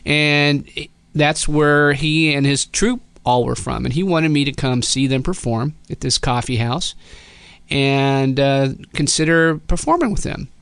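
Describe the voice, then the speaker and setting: A man's voice: a little high, a little slow, clear, resonant tone, dry recording. A middle-aged man hosting a podcast, telling a casual, rambling story with many restarts and quoted voices. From Southern California. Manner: rambling, self-correcting, quotes people in lively voices. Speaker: podcast host.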